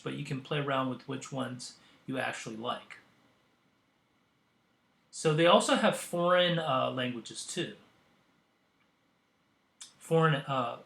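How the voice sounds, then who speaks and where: A man hosting a software tutorial, demonstrating as he goes and pausing often with ums and uhs. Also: a little high, vocal fry, reverberant. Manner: hesitant, with frequent ums and uhs. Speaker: tutorial host. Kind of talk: screen-recorded software tutorial.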